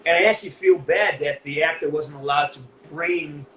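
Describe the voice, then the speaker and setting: A middle-aged man from New England with a Northeastern US accent, speaking as an interview guest, blunt and animated, with a lot of swearing. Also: on the high side, normal speed, creaky, reverberant, a little hiss or hum, rough recording. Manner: blunt, profane, animated storytelling. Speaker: voice actor guest. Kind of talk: candid interview.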